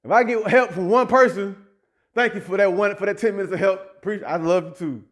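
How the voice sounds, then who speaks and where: A man's voice: sits high, a little fast, fairly bright tone. Heated man ranting straight to listeners. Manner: loose, heated street talk, addresses listeners directly. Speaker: app business owner. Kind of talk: direct-to-camera rant.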